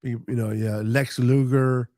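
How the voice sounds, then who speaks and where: A man's voice: medium pitch, steady tone, a little slow, mellow, no room sound. A man calling into a casual livestream chat, laid-back with short replies. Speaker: guest caller.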